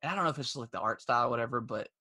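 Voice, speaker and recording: Man, podcast co-host, casual and rambling, mid-pitched voice. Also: rapid-fire, sharp tone. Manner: rambling, many restarts and fillers; laughs while retelling stories. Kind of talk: casual chat.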